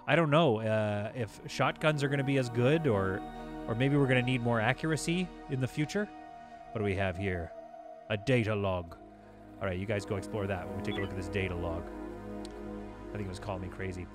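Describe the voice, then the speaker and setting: A man giving chatty, excitable let's-play commentary while playing a space game, laughing often, with game music behind. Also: lowish voice, fairly quick. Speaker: gaming YouTuber.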